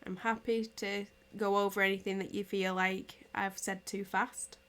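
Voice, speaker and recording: A woman's voice: mid-range voice, little pitch movement, moderate pace, a bit bright. Chatty woman with a strong English accent. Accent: English regional. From England. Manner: chatty, laughs easily, answers chat as she knits. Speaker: knitting tutor. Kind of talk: casual livestream tutorial.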